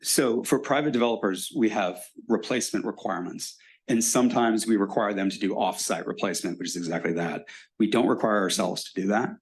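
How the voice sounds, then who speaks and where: Middle-aged male mayor, low-ish voice, frank and explanatory in a town-hall Q&A. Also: a little fast. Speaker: mayor answering residents' questions. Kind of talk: public meeting Q&A. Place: city hall meeting room.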